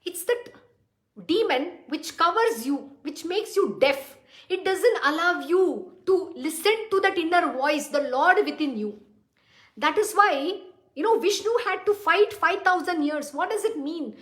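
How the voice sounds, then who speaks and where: Blunt high-voiced woman teaching. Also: expressive, measured pace, a bit bright. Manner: blunt, direct, rhetorical questions. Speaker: spiritual teacher. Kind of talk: devotional discourse. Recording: roomy echo.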